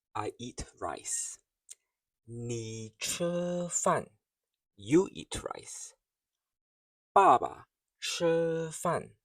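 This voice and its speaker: A man's voice: medium pitch, animated, very slow, dry recording, distant mic, rough recording. A man teaching a beginner language lesson, speaking carefully and repeating each phrase so learners can follow.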